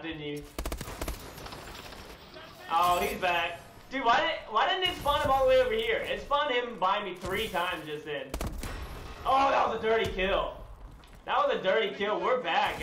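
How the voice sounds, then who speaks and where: Young male gamer, excitable play-by-play with outbursts, high-pitched, in a noisy echoey room. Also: normal speed. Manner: excitable, loud outbursts, laughing. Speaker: gaming streamer. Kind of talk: live gameplay commentary. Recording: echoey room, loud background noise.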